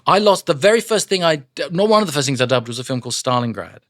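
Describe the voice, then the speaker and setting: A man, a voice actor, telling lively stories from his career in a casual studio chat, acting out voices as he goes. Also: on the high side, rapid-fire, no room sound. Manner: animated, acts out voices and shouts in his stories. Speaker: voice actor guest. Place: podcast studio.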